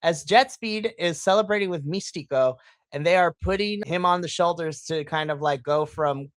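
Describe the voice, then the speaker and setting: A podcast host recapping a wrestling show in casual chat, excitable and profane, acting out their own reactions. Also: medium pitch, normal speed, dry recording.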